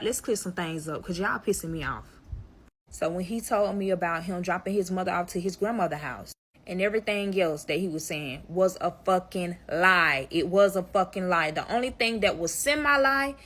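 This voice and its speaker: A young woman recounts a personal story straight to her audience, swearing at nearly every turn. Her voice is bright and forceful, and she talks bluntly from start to finish. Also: medium pitch. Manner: blunt, profane, addresses viewers directly. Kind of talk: storytime vlog.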